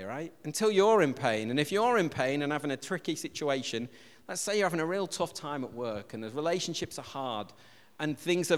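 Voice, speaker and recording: A man preaches to his congregation in an easy, conversational way, slipping in self-deprecating jokes. His voice sits a little higher than most men's. The sound carries a long reverberant tail from the church hall around him. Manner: chatty, self-deprecating humour. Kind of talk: conversational sermon.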